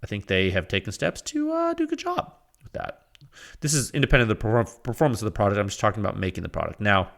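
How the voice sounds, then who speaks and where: A male podcast host talks in a loose, rambling monologue, his pitch swinging widely as he gets worked up. He laughs often and acts out little quoted exchanges, restarting sentences as he goes. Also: quick pace, creaky. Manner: animated, laughing often, exasperated rants.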